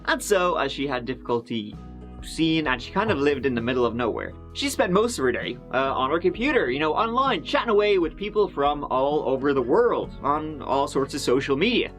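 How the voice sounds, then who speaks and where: A man narrates a true crime case in a relaxed, conversational voice-over. He wanders into fillers and dry asides but keeps the story moving, sounding like someone talking rather than reading. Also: on the high side, fairly quick, soft background music.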